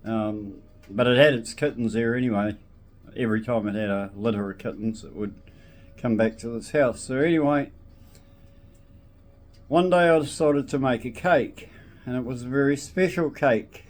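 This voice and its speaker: A man's voice: mid-range voice, moderate pace, long pauses. A man telling a casual anecdote, rambling with restarts and frequent "so anyway".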